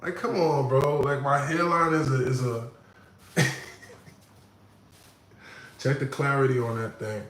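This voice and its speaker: A man hosting a livestream, reading viewer comments in a playful, animated, laughing banter. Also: medium pitch, slow, pauses often, echoey room. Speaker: livestream host. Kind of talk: casual live chat reading viewer comments.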